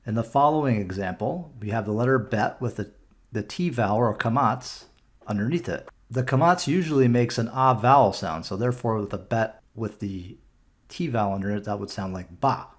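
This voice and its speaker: A man's voice: on the low side, moderate pace. A Canadian man tutoring for bar mitzvahs, explaining a lesson patiently step by step in a screen-recorded video, with small restarts. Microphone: computer mic for a screen recording.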